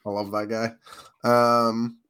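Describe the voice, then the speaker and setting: A man's voice: medium pitch, flat delivery, slow, a bit bright, smooth. A tired man co-hosting a casual podcast, easygoing and laughing often. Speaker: podcast co-host.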